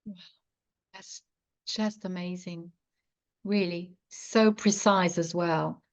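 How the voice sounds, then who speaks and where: A woman interviewer asking enthusiastic, soft-spoken questions over a video call. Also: lowish voice, steady tone, takes it slowly, highs cut off.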